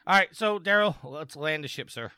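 Bright-voiced man reading gaming news. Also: a little high, animated, clean tone, no echo. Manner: reads news quickly, then jokes around. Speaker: podcast co-host. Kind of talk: casual podcast chat, reading gaming news.

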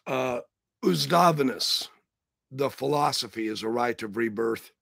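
A hoarse man with a rough, raspy voice hosting a casual live stream, joking around and greeting his viewers by name. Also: medium pitch, a little slow, a bit bright, no echo, studio quality. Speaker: livestream host.

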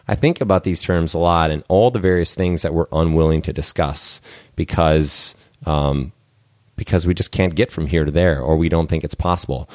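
A man's voice: very deep voice, darkish tone, dry recording, studio quality. A man hosting a podcast conversation, thinking aloud in a reflective way with many fillers. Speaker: podcast host. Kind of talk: conversational interview.

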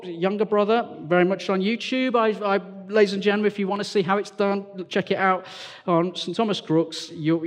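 A man from England preaches with a fairly high voice, swinging between bright, animated storytelling and low, hushed asides. His voice carries a long reverb from a church hall. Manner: animated storytelling, acts out characters, drops to hushed tones. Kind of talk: lively sermon.

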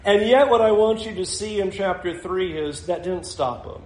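A man's voice: high voice, moderate pace, a little mellow, reverberant, poor audio. A man preaching a sermon in a conversational way, acting out the people in the story as he goes. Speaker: pastor.

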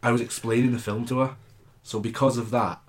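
A man's voice: medium pitch, flat delivery, fairly quick. A man, co-hosting a podcast in casual chat, blunt and teasing. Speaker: podcast co-host.

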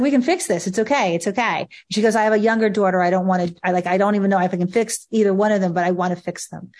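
Woman guest, mid-pitch, energetic and emphatic in casual chat. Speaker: podcast guest, workshop leader.

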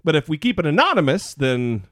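A man's voice: on the high side, sing-song, fairly quick, no room sound, clean studio sound. A man co-hosting a podcast in casual chat, teasing and joking with his co-host.

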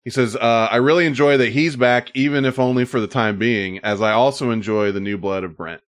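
A man's voice: mid-range voice, steady tone, fairly quick. Guy hosting a podcast, reading listener mail, swears a lot, pretty laid back. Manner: reads listener emails, swears casually. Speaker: podcast host. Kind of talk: casual podcast banter.

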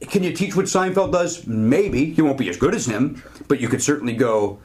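A man in his fifties, a comedian guest, talking in a fast, animated, run-on way on a podcast. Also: mid-range voice. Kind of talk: casual podcast chat.

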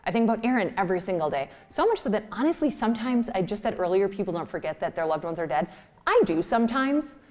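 A woman speaks at a live question-and-answer session, sharing personal stories with candid, animated energy. She often breaks into laughter mid-story and acts out the voices of people she quotes. Her talk is casual and full of "like". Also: mid-range voice, fast. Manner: heavy use of "like" as filler.

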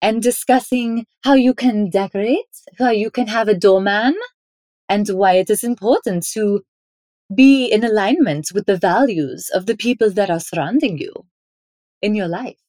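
A woman's voice: mid-range voice, normal speed, darkish tone, dry recording, clean studio sound. A woman guest on a podcast interview, talking in an upbeat, playful way. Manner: upbeat, playful, laughs often. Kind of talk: interview, conversational.

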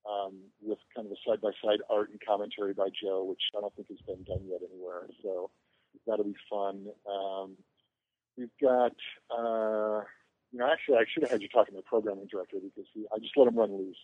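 A man's voice: on the low side, fairly even intonation, brisk, no echo. A man guesting on a podcast, telling long rambling anecdotes with self-mocking jokes. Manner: rambling, joking storyteller. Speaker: podcast guest, convention organizer. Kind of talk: casual podcast chat. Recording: tinny phone line.

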